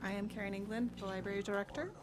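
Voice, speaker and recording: A woman's voice: mid-range voice, fairly even intonation, rapid-fire, over music. A woman, the library director, presenting an ordinance carefully at a meeting, with fillers.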